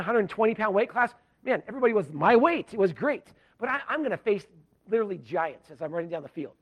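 A pastor from Southern California telling a self-deprecating story in a sermon, animated and full of restarts. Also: male voice, sits high, breathy edge. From Southern California, USA.

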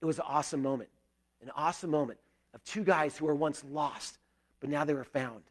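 Middle-aged male pastor, slightly high voice, earnest conversational sermon with loud bursts and hushed prayers. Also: fairly quick.

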